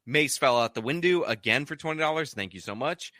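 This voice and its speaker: A man with a bright, forward voice hosts a relaxed live stream, reading viewer messages aloud and padding them with casual fillers. The sound is dry and close, with no room around it. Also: medium pitch, a little fast, dry recording. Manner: reads donor messages aloud with many "like" fillers. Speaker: streamer reading super chats.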